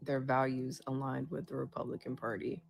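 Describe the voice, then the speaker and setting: A woman's voice: very deep voice, little pitch movement, normal speed, vocal fry, faint music behind. Woman lecturing in pointed commentary. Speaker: political commentator. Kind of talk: opinion commentary clip.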